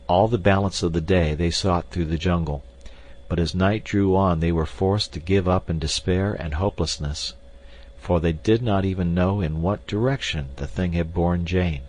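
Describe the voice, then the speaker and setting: A man narrating an audiobook in a steady, even reading. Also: low-pitched. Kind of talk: scripted narration.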